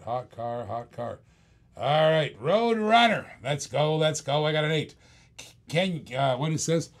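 A man running a live toy car auction on a stream, rattling off bids in a running patter. His voice sits a little higher than most men's, and he keeps up easy banter with the chat as he works. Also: vocal fry.

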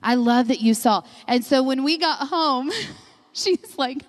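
A middle-aged woman pastor delivers a sermon in a slightly high voice, full of personal stories. She talks in an animated way and breaks into laughter often. Her voice carries with a long reverb through a large church hall. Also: a little slow. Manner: animated storyteller, laughs often mid-sentence. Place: church sanctuary.

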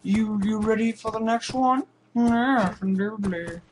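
A man's voice: high-pitched, unhurried, background noise. A man commentating on a horror game, sarcastic and jokey, swearing now and then. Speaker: gaming video host.

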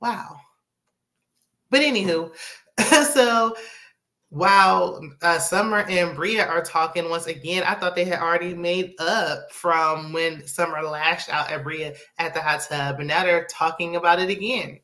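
A woman's voice: on the low side, unhurried, bright, forceful tone. A woman giving a casual, sassy recap of a reality show, chatty with frequent asides. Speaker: TV recap host.

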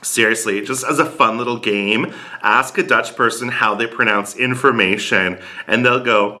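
A man's voice: medium pitch, normal speed, bright, forceful tone. Sarcastic young man doing comedy. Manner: sarcastic, mocking. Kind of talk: comic monologue.

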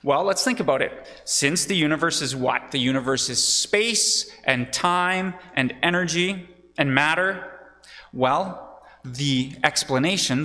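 A man's voice: a little high, pushed and bright. A man preaching a sermon to his congregation, teaching as he goes and putting questions to the listeners. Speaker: pastor. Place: church sanctuary. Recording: long church reverb.

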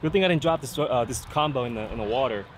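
With a quick pace and a mid-range voice, a fishing vlogger chats to his audience outdoors on a pier in wind and rain. He describes his gear easily, dropping "man" often, and his camera-mounted mic captures wind, rain and outdoor ambience.

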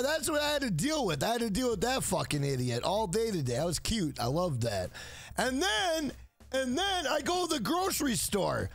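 A man's voice: sits high, creaky. A man streaming a game, chatting casually and telling rambling, profane stories to his viewers. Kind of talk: casual live-stream chat.

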